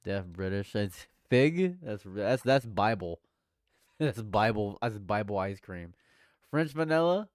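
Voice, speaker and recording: A young man in a casual live stream, talking over his reactions and teasing his chat. His voice leaps up into loud exclaimed questions, then drops to quiet mumbling, often repeating himself. The sound is dry and close, with no room echo. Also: big pitch swings, unhurried. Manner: swings between loud exclamations and low mutters; repeats phrases, banters with chat. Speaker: livestream commentator.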